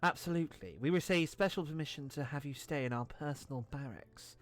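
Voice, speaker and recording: A man's voice: a little high, a little fast, natural voice. A man voicing a strict young woman border guard with a put-on Russian accent, speaking in a clipped, officious way.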